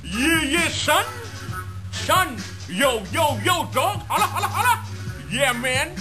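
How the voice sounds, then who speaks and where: A man's voice: extremely high pitch, animated, takes it slowly, over music, voice pushed up, full character voice. A man voicing a boastful, swaggering male parody rapper, chanting and hollering in repetitive bursts.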